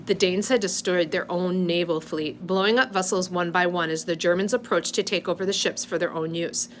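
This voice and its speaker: A woman's voice: on the low side, steady tone, fairly quick, slight background noise. Woman reading a novel aloud. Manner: unpolished, stops to correct slips. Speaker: reader.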